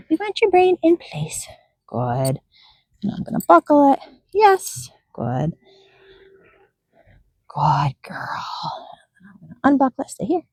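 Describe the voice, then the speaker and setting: A woman's voice: mid-range voice, darkish tone, slightly rough, no room sound. A woman training a donkey outdoors, talking to it in a soothing, coaxing way that often drops to a whisper, with asides to the viewer. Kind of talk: coaching an animal with asides to camera.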